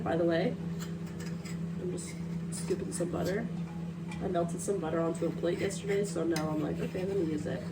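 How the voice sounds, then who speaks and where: Standing on a seaside cliff outdoors, a woman vlogger narrates casually into a handheld phone, chatty and playful and talking to her dog. Her voice is on the low side, and the recording is very noisy.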